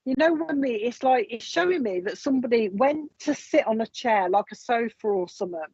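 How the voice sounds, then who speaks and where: A woman's voice: a little high, animated, a little fast, a little mellow, slightly rough, no echo, muffled recording. A woman with a British accent giving live psychic readings, chatting as she passes on messages and reads out viewer comments. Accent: British English. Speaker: psychic medium. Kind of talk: live online mediumship readings.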